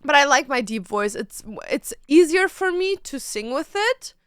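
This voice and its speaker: Animated woman streamer ranting to chat. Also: high-pitched, a little slow, dry recording, studio quality. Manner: animated, swears freely and rants; chatty, talks to chat between bursts of singing. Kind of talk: casual livestream chat.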